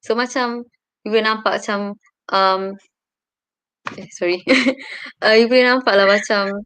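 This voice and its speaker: A young Malaysian woman, a university student, chatting casually as an interview guest over a video call, often pausing to search for words. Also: medium pitch, fairly even intonation, fairly bright tone, clear, resonant tone, no room sound. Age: young adult. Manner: hesitant, searching for words with many fillers. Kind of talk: casual chat.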